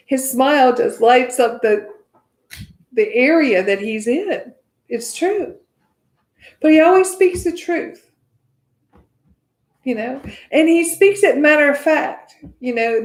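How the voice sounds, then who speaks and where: Chatty high-voiced American meditation teacher. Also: female voice, echoey room. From United States. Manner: chatty, often adds "right?". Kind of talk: casual spoken teaching.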